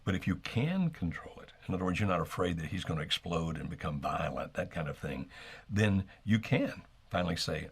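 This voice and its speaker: Gravelly low-voiced man giving calm advice. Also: brisk. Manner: calm, explanatory, acts out sample dialogue. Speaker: marriage coach co-host. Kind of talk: live call-in advice show.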